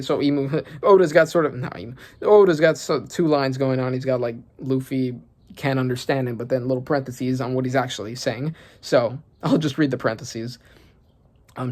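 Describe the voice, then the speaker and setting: A man's voice: mid-range voice, steady tone, moderate pace, darkish tone. A man reading through a comic and reacting as he goes, thinking aloud and swearing when surprised. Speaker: manga reaction channel host. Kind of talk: casual reaction commentary.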